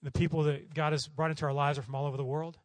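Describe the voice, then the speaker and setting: Middle-aged male missionary preacher from Oklahoma, quick and animated storyteller, slightly high voice, dry close sound. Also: dry recording. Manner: animated, acts out voices in his stories. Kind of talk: storytelling sermon.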